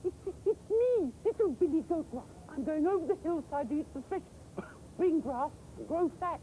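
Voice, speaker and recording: A man voicing a small, timid young billy goat in a children's TV story, squeaky and stammering. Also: expressive, moderate pace, warm tone, a little hiss or hum, poor audio. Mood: timid, pleading.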